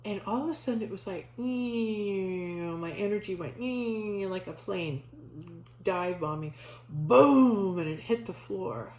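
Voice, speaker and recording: A middle-aged woman telling a personal spiritual story in a casual, animated way, acting out the voices she quotes, with many restarts and fillers. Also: on the low side, normal speed, echoey room, slight background noise, rough recording. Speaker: storyteller sharing a spiritual experience.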